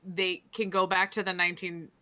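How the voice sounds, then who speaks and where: A woman's voice: fairly low pitch, little pitch movement, normal speed, pushed and bright. A young woman co-hosting a casual hockey podcast, swearing freely and ranting with fired-up conviction. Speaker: podcast co-host.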